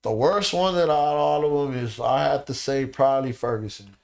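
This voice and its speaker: A man in an average pitch talks as a podcast guest in a loose, casual chat. He tells his stories in an animated, profane way, often checking in with "you know what I'm saying". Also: fairly quick.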